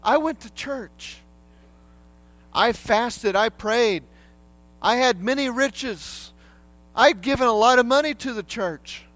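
A man's voice: very high-pitched, takes it slowly, long pauses, a bit bright, pitched above the performer's own voice, full character voice. A man voicing a proud rich man who protests that he has been faithful to his church. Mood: indignant.

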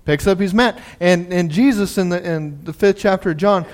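A man preacher giving a sermon in an animated, conversational storytelling way. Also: high-pitched, moderate pace.

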